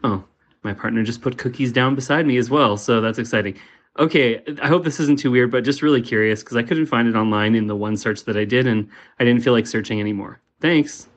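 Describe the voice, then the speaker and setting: A man's voice: mid-range voice, brisk, highs cut off. A man from Canada, calling in to a podcast with a casual, curious, slightly nervous message. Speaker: caller. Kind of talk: recorded phone-in message.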